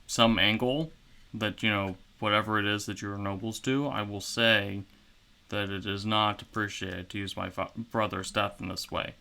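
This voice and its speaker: A man voicing a guarded, suspicious grieving woman in a tabletop game, clipped and curt in his own mid-pitched voice. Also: steady tone, normal speed, gravelly, sharp tone.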